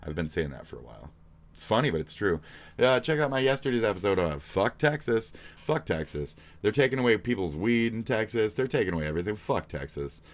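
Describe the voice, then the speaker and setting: A man's voice: on the low side, very animated, a little fast. A man, a streamer reacting to a video, ranting crudely and angrily with constant swearing. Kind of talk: profane rant.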